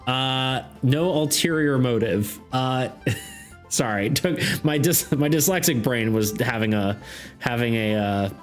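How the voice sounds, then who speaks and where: A man's voice: medium pitch, slow. A man running a tabletop game on stream, narrating loosely with frequent laughter and self-deprecating asides. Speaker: game master. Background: faint background music.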